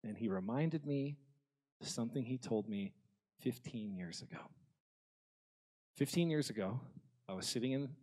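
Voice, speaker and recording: A man preaching a sermon, blunt and humorous, swinging between loud passages and hushed ones. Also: medium pitch, lively intonation, moderate pace, long pauses, husky. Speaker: pastor.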